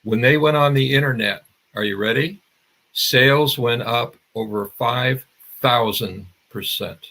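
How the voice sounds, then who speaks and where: A man's voice: medium pitch, measured pace, bright, forceful tone. An older man, a marketing expert guest, explaining in a conversational interview with restarts and examples.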